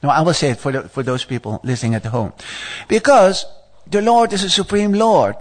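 A man's voice: fairly high pitch, fairly quick. A man leading a scripture class who reads the story aloud and breaks into chatty, stammering asides, with many fillers and playful teasing of his listeners. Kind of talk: scripture reading with commentary.

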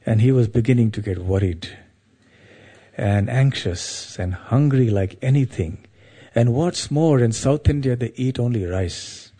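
A man's voice: medium pitch, measured pace, mellow, husky. A man giving a devotional talk, telling a story in a meandering, anecdotal way with frequent asides.

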